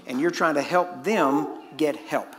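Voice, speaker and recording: A man's voice: on the high side, unhurried, fairly bright tone, faint music behind. A man preaching a sermon as a casual story, now and then laughing at his own asides. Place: church hall. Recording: echoey hall with faint ambience.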